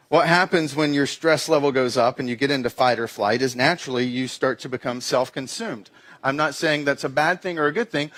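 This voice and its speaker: A male pastor preaching in church, telling self-deprecating stories in a conversational way with animated quoted asides. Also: medium pitch. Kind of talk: sermon.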